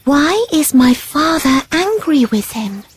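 A man voicing Miranda, an innocent young girl, in a high falsetto for a storybook reading. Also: very animated, slow pace, dry recording, full character voice. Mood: earnest.

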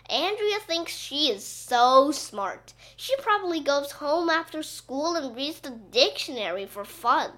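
A woman giving an expressive, playful read-aloud of a children's story. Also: high-pitched, unhurried, few pauses. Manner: animated, playful, voicing a boy narrator.

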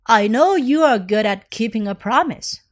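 A weary, busy farmer father in a storybook, voiced by a woman reading aloud. He sounds tired and reluctant, with a lively, rather high voice behind him. The reading is slow and careful. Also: close to an everyday voice.

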